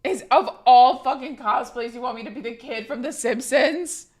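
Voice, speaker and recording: Young woman streamer, hoarse, chatty and swearing, a little high. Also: moderate pace, a little mellow. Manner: chatty, profane, laughing, reading chat aloud. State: hoarse from being sick. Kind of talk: casual live-stream chat.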